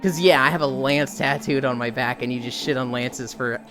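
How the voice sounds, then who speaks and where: A woman quoting an amused young male gamer friend in her own lower voice. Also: normal speed, over music.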